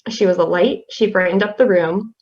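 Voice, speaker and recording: A young woman reads a tribute poem aloud, soft-spoken and halting, with fillers between phrases. Her voice sits at an ordinary middle pitch. The audio is slightly dull and lo-fi. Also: fairly even intonation, slightly rough. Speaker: class representative.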